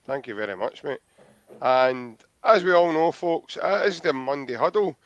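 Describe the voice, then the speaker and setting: A man's voice: a little high, lively intonation, moderate pace, dry recording. A man with a Scottish accent, hosting a casual football podcast in a chatty, friendly way and laughing easily. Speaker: podcast host. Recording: dull lo-fi dry audio.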